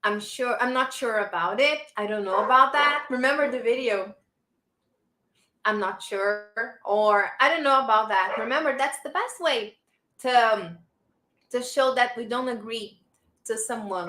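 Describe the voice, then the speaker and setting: A woman from Brazil with a Brazilian Portuguese accent, teaching a live online English lesson and warmly praising her learners. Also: a little high, a little slow, long pauses, roomy sound, a little hiss or hum. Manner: encouraging, praising learners often.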